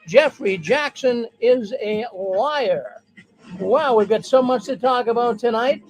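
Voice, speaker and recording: A man's voice: very high voice, slow, faint music behind, rough recording. A man hosting a live online news show, talking straight to his viewers in a casual, emphatic way. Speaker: livestream news show host.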